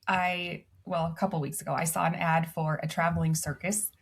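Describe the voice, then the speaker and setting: A woman's voice: lowish voice, fairly even intonation, brisk, breathy edge. A woman in her thirties, a podcast guest, telling stories in casual chat and laughing often. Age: 30s. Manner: chatty storyteller, laughs often.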